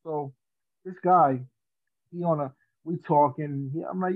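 A man's voice: on the high side, unhurried, pauses often, dry recording. A man telling a funny story in casual slang, laughing at his own tale. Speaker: podcast guest. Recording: dry tinny phone-like sound.

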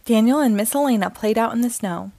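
A woman hosting a read-aloud for children, narrating in a bright, expressive way. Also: on the high side, fast talker, gravelly, no room sound. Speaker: storyteller host.

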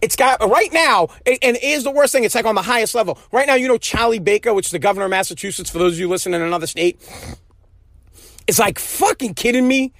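High-voiced man on a profane rant. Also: fast talker, a bit bright, dry recording, clean studio sound. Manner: profane, heated, repetitive. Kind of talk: angry ranting monologue.

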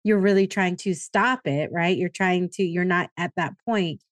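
A woman's voice: on the low side, unhurried, dry recording. A woman hosting a podcast interview, reacting with empathy to her guest's story. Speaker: podcast host. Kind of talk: interview conversation.

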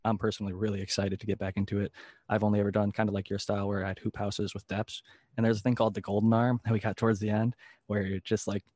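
Fast-talking man, flat low voice. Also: dry recording, clean studio sound. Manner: quick, filler-heavy explaining. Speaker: grower. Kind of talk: casual podcast chat.

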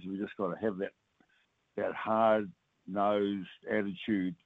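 Over a thin, tinny phone line with no room echo, an older New Zealand man, a former rugby player, answers radio hosts' questions. His low, creaky voice barely moves in pitch, and he speaks in halting bursts, trailing off and starting over amid lots of fillers.

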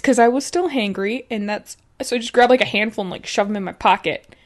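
Casting: woman podcast co-host, higher voice, loose, profane storyteller who laughs a lot. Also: quick pace. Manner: swears freely, laughs often, animated storyteller. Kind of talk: casual chat, storytelling.

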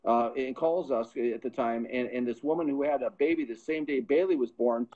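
A man's voice: medium pitch, moderate pace, dark tone. A middle-aged man, a podcast guest, earnestly telling a personal testimony and often repeating words as he builds momentum. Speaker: podcast guest, pro football scout. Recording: dull lo-fi sound.

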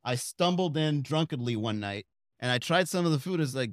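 A man's voice: mid-range voice, expressive, brisk, dry recording, clean studio sound. A young man doing a comedic podcast monologue, rambling through stories with digressions. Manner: rambling, digressive storytelling with asides. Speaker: stand-up comedian and podcast host.

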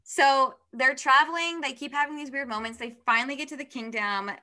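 Young woman chatting through a book recap, lots of "like", bright higher voice. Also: steady tone, fairly quick. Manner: chatty, filler-heavy storytelling.

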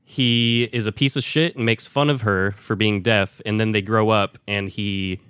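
Low-voiced enthusiastic podcast man. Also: steady tone, moderate pace, a bit bright, smooth, no echo, clean studio sound. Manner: enthusiastic, swears casually. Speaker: podcast co-host. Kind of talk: casual chat.

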